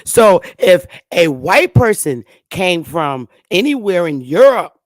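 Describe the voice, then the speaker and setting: A woman's voice: fairly low pitch, big pitch swings, slow pace, dry recording. A woman with a New York accent giving an emphatic, repetitive casual monologue with frequent swearing. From northern United States. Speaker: commentary host.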